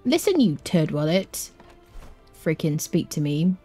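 A woman giving casual gameplay commentary, excitable and humming little tunes as she plays. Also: sits low, unhurried, faint music behind. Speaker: gameplay streamer.

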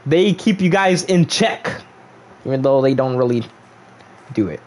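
A man's voice: medium pitch, lively intonation, unhurried, darkish tone. A young man casually chatting on a gaming livestream, reading viewers' chat aloud and joking back at them.

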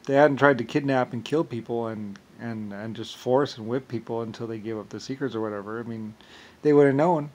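Man, mid-pitched, rambling profane monologue, agitated and grandiose. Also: brisk.

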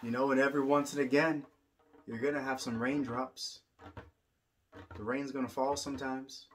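A man's voice: mid-range voice, flat delivery, normal speed, slight background noise. A man teaching about the drum in a rhythmic spoken-word style, repeating lines like a chant. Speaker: poet and drummer. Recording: drum music playing throughout.

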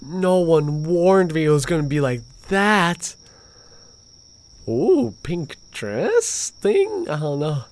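A man's voice: fairly high pitch, very animated, slow. A man streaming a horror game, reacting with jumpy outbursts and constant swearing. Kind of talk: horror game let's play commentary.

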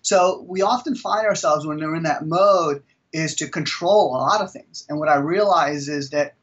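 A middle-aged man from India, a guest author telling stories in an interview with lively energy. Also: fairly high pitch, moderate pace, far from the mic, dull audio. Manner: energetic, animated storyteller. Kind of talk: storytelling in an interview.

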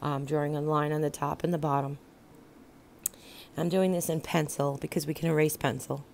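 A woman hosting a craft channel, talking through a do-it-yourself sign project step by step in a chatty, casual way with many pauses and fillers. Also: low voice, flat delivery, creaky, darkish tone, a little hiss or hum. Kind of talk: casual craft tutorial voice-over.

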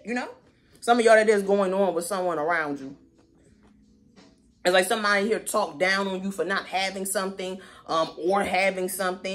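A woman giving a casual tarot reading in a sassy, slangy manner with animated asides. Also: medium pitch, moderate pace. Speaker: tarot reader.

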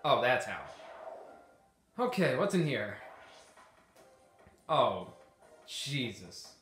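A man's voice: mid-range voice, very animated, drawn-out words, long pauses, fairly bright tone. Exasperated man narrating his gameplay. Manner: exasperated, talks to himself while playing. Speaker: gameplay commentator. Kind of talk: casual let's-play commentary. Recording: echoey room with game music behind.

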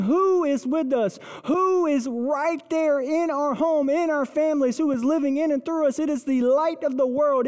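Pastor, mellow sermon voice, dramatic scripture retelling, long church reverb. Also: medium pitch. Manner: vivid, dramatic retelling of scripture, dropping to hushed intensity. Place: church sanctuary.

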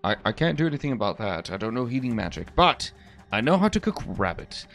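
A man voicing a glum male wizard thug with a dry, deadpan delivery. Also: mid-range voice, fairly quick, gravelly, soft background music, pitched below the performer's own voice.

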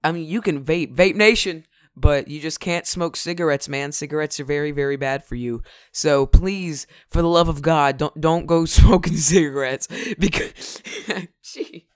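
A man's voice: fairly high pitch, normal speed, clear, resonant tone, no echo, studio quality. A young man casually telling a rambling story as a vlogger, often laughing at his own jokes.

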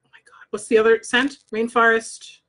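Her voice is on the high side and a bit bright, with a level tone and normal pace. She is an adult, married scent consultant who vlogs casual product reviews on her own microphone, reading scent descriptions aloud while chatting bluntly and swearing freely.

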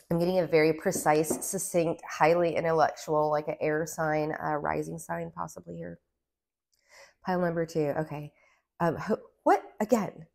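A woman's voice: low voice, gravelly, a little mellow. A woman giving a casual pick-a-card tarot reading, rambling along with lots of "like" and a valley-girl lilt. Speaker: tarot reader.

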